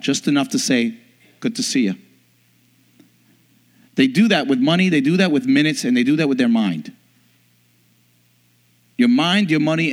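Man, pastor, emphatic sermon, rhetorical questions, medium pitch, long reverb.

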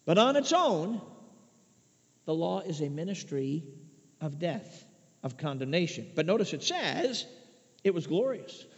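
A man from Chicago preaching a sermon, emphatic, swinging between loud declarations and hushed asides. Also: on the high side, expressive, measured pace, creaky. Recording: dull lo-fi sound with long reverb.

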